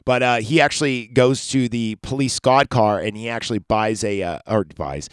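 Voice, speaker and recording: A man's voice: medium pitch, moderate pace, clean tone, dry recording, studio quality. A man hosting a casual podcast, recapping a movie from memory with profane, rambling rants and asides. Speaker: podcast host.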